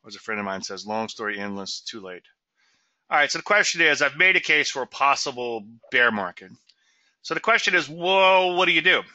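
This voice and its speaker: A man's voice: medium pitch, big pitch swings, brisk, sharp tone, no echo, highs cut off. A middle-aged man from Louisiana giving trading commentary in a chatty webinar, with sarcastic asides and a habit of tagging "okay?" onto points.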